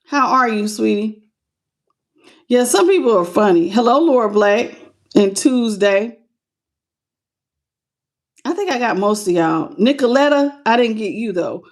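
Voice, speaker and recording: A woman's voice: on the high side, lively intonation, measured pace, pauses often. A woman giving a live tarot reading who greets viewers by name, calls them baby, and laughs often. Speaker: tarot reader.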